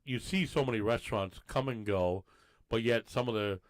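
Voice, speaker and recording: A man's voice: mid-range voice, moderate pace. A man co-hosting a casual podcast, talking in a rambling, easygoing way. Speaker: podcast co-host. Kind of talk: casual bar-talk podcast chat.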